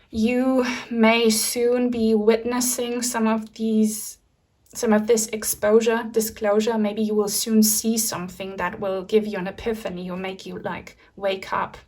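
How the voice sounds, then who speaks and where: A woman with a fairly high voice gives a pick-a-card tarot reading. She speaks in a soothing, reassuring way, easing the listener with spiritual guidance. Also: flat delivery, unhurried. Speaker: tarot reader.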